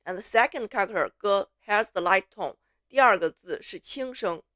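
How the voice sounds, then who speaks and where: A woman teaching pronunciation, slowly repeating syllables and words for learners to copy, switching between English explanations and drills. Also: medium pitch, animated, fairly bright tone, dry recording, studio quality. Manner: slow, clear repetition, drawn-out syllables for learners. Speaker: Mandarin teacher.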